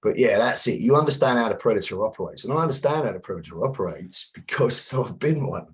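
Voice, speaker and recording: A middle-aged self-protection instructor, appearing as a podcast guest, tells blunt, profane stories in a casual interview. His medium-pitched voice is expressive and quick, he acts out confrontations, and the recording quality is low.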